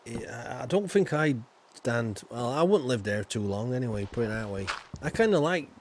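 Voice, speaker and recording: A man's voice: medium pitch, expressive, moderate pace, slight background noise. Rambling Yorkshire man chatting while gaming. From Yorkshire, England. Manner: rambling and chatty, full of "you know" asides. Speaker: streamer. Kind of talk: casual gaming chat.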